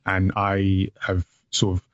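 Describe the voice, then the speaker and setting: British male guest, low monotone, casual and halting, lo-fi audio. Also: no room sound. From Britain. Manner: relaxed, hesitant, many fillers. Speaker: guest, manga publisher. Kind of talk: casual interview. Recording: dull lo-fi sound.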